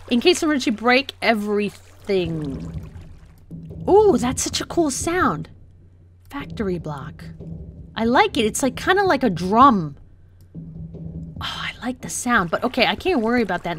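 A young woman hosting a gaming channel, giving flustered, excitable let's play commentary and laughing often. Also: on the high side, a little hiss or hum.

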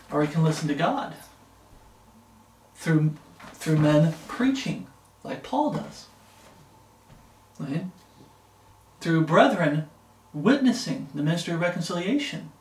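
Emphatic preacher, high voice, echoey room. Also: male voice, far from the mic. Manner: emphatic, repeats words, frequent "okay?". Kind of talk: Bible study sermon.

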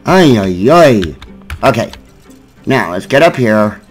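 A man giving gameplay commentary, frustrated and swearing at the game, with sudden yelled bursts. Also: very animated, takes it slowly, faint music behind, rough recording. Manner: yelling in sudden high bursts. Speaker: gaming YouTuber.

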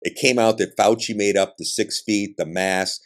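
A man's voice: fairly low pitch, fairly even intonation, moderate pace. A man hosting a podcast, delivering a combative political monologue with blunt, emphatic ranting and profanity. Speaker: podcast host.

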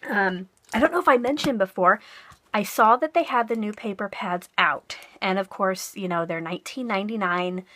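A woman's voice: medium pitch, normal speed, sharp tone. A woman, likely middle-aged, chatting casually to her viewers as she shows and describes craft purchases. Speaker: craft vlogger. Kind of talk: casual haul and flip-through narration.

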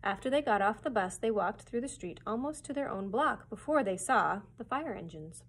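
A woman librarian reading a chapter book aloud for children, in a steady storytelling voice. Her tone is slightly husky and her pitch is middling. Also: normal speed, poor audio.

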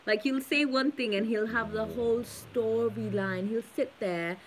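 A woman's voice: fairly high pitch, a little slow, slight background noise, low-quality recording. A young woman co-hosting a casual live stream at home, reading out comments and teasing her partner, recorded on a phone. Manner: teasing, playful, reads viewer comments aloud. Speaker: co-host of a couple's live stream.

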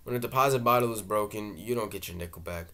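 Man doing a slow, laconic big neighbor. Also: lowish voice, close to an everyday voice. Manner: slow, flat, understated delivery.

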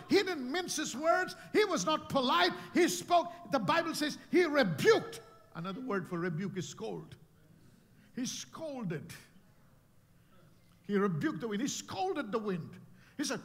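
Man preaching in a church sanctuary, high and animated, booming into the hall's reverb. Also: normal speed. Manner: rising to shouted declarations, then dropping to low emphatic lines. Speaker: pastor. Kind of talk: preaching a sermon.

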